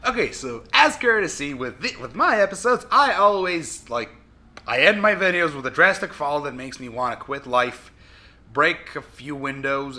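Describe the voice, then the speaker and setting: A man commenting on his own gameplay, shouting and swearing in frustration between joking asides. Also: fairly high pitch, expressive, normal speed. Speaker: gaming video host. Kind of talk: let's play commentary.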